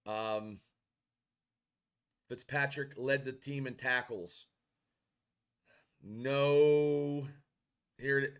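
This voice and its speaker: A man's voice: mid-range voice, fairly even intonation, extremely slow, pauses often, smooth. A man hosting a casual football podcast, rambling and frustrated, with many restarts as he reads chat comments. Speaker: podcast host.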